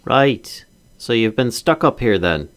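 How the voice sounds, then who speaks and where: A man's voice: medium pitch, animated, a little slow, fairly bright tone, slight background noise. A man playing in a tabletop game, chatty, laughing easily and asking lots of questions. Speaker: player. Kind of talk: casual tabletop role-play.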